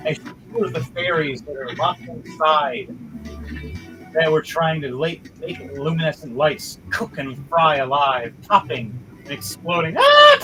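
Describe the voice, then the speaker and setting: A man running a tabletop game as game master, narrating vivid action with sudden excited outbursts. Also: fairly high pitch, low-quality recording.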